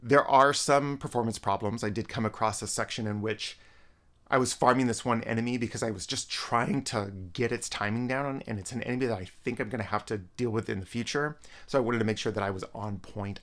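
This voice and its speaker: A man's voice: on the low side, fairly even intonation, fairly quick, fairly bright tone. Rambling casual male gaming vlogger. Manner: rambling, self-correcting, frequent restarts.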